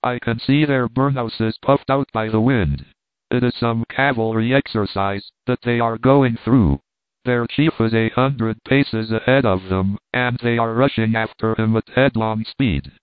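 A man voicing an excitable Scottish hunter who talks in an eager, urgent way, in a storybook reading. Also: medium pitch, a little slow, clear, resonant tone, no echo, lightly acted. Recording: tinny phone-like dry sound.

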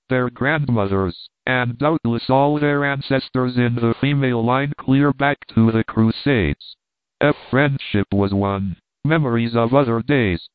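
A man reads a classic novel aloud as an audiobook narrator, measured and steady, even saying the punctuation marks. His voice is smooth and clear. It sounds dry and tinny, like it is coming over a phone line. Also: mid-range voice, no room sound. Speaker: audiobook reader.

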